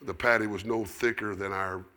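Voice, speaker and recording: A middle-aged man with a Southern American accent preaching a sermon, telling folksy stories that build up into shouted preaching. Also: fairly low pitch, steady tone, moderate pace. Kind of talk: storytelling sermon.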